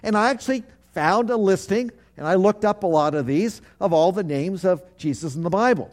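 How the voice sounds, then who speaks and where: A man's voice: high voice, expressive, fairly quick, darkish tone. A man, a pastor, preaching a sermon, leading his congregation to repeat phrases back, with earnest, repetitive emphasis.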